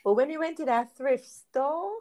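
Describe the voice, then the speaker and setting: Young woman, podcast co-host, animated gushing chat, slightly high voice. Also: moderate pace, poor audio. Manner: gushing and animated, stretching words for emphasis. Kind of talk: casual chat.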